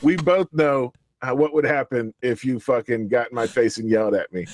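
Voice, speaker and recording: A man's voice: medium pitch, normal speed, no room sound. A man telling a story in casual chat, profane and heated, often laughing through his words. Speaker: show regular.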